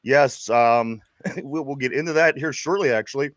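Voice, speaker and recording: A man's voice: medium pitch, normal speed, dry recording, studio quality. A man from Pittsburgh with a Pittsburgh accent, co-hosting a casual sports chat show, rambling and laughing as he stumbles over his words. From Pittsburgh, USA. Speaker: podcast co-host.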